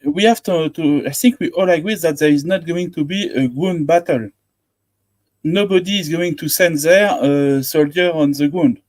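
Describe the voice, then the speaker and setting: A man from France on a discussion panel, speaking in a measured way. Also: a little high, darkish tone, no room sound. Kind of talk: casual discussion.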